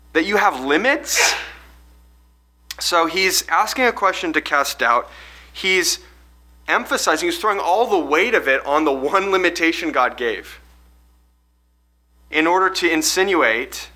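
Man, Bible study leader, very bright voice, slightly high pitch, questioning and explanatory. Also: expressive, a little slow, pauses often, poor audio. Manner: questioning, explanatory, restarts phrases. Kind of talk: leading a group Bible study.

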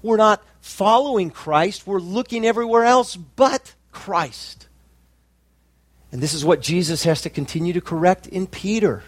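Guy preaching a sermon, kinda high voice, builds up emphatic and loud on key lines, dry recording. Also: no echo. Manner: preaching with emphatic, rising climaxes and slow drawn-out phrases. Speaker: pastor.

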